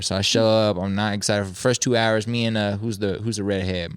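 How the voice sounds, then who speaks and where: A lower-pitched man hosts a casual podcast conversation, recorded dry and close with no room sound. He tells anecdotes with energy and jumps into high, playful voices when he quotes people. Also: fast, smooth, dry recording. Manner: animated storyteller, acts out quotes in high voices. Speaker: podcast host. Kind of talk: casual interview chat.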